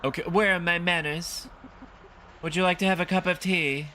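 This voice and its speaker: A man putting on a frail, high old lady. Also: steady tone, moderate pace, bright, forceful tone, slight background noise. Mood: sweet. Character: frail elderly woman, sweet and pleading.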